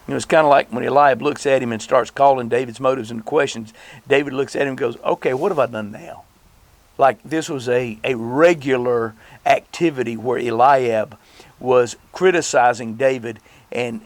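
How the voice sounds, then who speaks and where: A man preaching an earnest sermon, speaking straight to his listeners. He asks them questions and lays out his points one by one. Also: medium pitch. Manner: earnest, direct address with rhetorical questions. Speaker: pastor.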